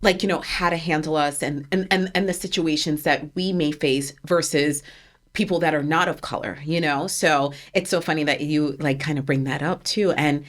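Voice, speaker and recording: Animated lower-voiced Jersey woman. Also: normal speed. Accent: New Jersey. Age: 40s. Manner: animated, emphatic, repeats words. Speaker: podcast co-host. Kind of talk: casual chat.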